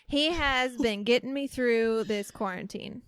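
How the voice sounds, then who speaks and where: A woman co-hosting a podcast in casual chat, animated and swearing freely with frequent laughs. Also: a little high, unhurried, clean tone, no echo, studio quality. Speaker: podcast co-host.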